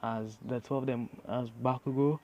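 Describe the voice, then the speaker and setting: A man's voice: mid-range voice, steady tone, normal speed, vocal fry, dull audio, background noise. A man narrating an improvised fan story, rambling with many restarts.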